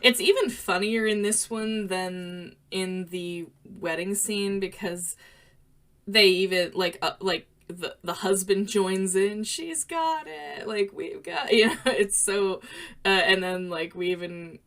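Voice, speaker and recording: A woman's voice: medium pitch, fairly even intonation, slow pace, fairly bright tone. A woman co-hosting a podcast in casual chat, rambling and laughing easily. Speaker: podcast co-host.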